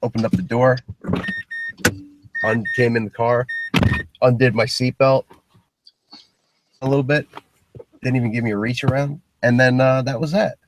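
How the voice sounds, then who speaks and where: Animated man retelling a run-in. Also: medium pitch, normal speed, long pauses, noisy background. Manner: animated, acts out both sides of the exchange, swears. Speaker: caller recounting a police stop. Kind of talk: casual storytelling chat.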